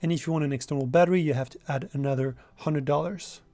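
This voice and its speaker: A man's voice: on the high side, fast talker, dark tone, no echo, faint music behind. A young man giving a casual, enthusiastic product review straight to camera.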